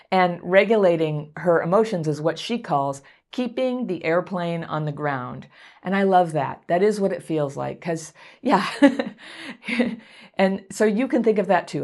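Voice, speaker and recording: Gentle, encouraging woman with a low voice. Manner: conversational, laughs lightly between points. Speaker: self-help coach. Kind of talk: advice talk to camera.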